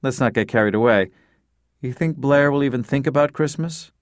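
A man's voice: mid-range voice, moderate pace, dry recording, clean studio sound, voice pushed up, natural voice. Man voicing a teary middle-aged wife. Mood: wistful.

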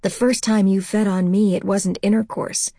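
Woman doing a shy soft-spoken young guy, audiobook. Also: mid-range voice, level tone, moderate pace, dry recording, clean studio sound, voice pushed up, close to an everyday voice. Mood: quiet. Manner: soft, quiet. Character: timid young man keeping his distance.

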